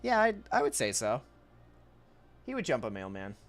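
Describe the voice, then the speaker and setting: A man's voice: mid-range voice, wildly swooping pitch, normal speed. A young man streaming while he draws, rambling casually to chat, reading messages aloud and often laughing.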